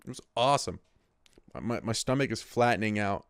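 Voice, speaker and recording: Speaking at a moderate pace in a lowish voice, a twenty-something man hosts his show with a loose, profane monologue that rambles and often restarts. The recording is studio quality, free of room sound.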